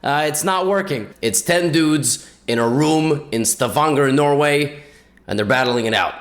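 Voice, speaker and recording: A man's voice: fairly high pitch, measured pace. A man giving joking chess commentary in a playful, wisecracking way. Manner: playful, wisecracking, jumps into silly voices. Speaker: chess YouTuber.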